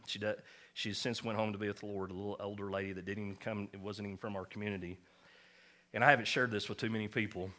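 Folksy pastor man, bright tone. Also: fairly low pitch. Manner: folksy, self-deprecating, laughs often. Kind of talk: sermon with personal story.

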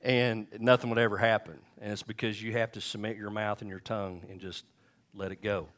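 A middle-aged male pastor preaching a sermon and telling stories, acting out quotes with shifting pitch and volume. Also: little pitch movement, fairly quick, a bit bright.

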